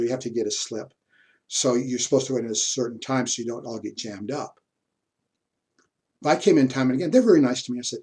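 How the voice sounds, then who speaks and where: A man's voice: mid-range voice, a little mellow. An older man lecturing on history, telling a reflective personal story and repeating words as he searches for them.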